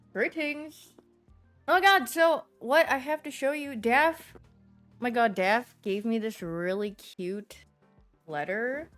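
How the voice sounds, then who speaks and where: A young woman streaming, telling stories in a lively, animated way and often laughing and squealing. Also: medium pitch. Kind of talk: casual chat stream.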